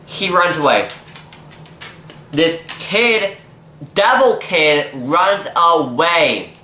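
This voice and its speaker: Young man, bright voice, exasperated storyteller in an echoey room. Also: a little high, extremely slow. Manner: animated, exasperated, acts out quotes. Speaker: vlogger. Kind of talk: casual storytelling vlog. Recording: echoey room, faint noise.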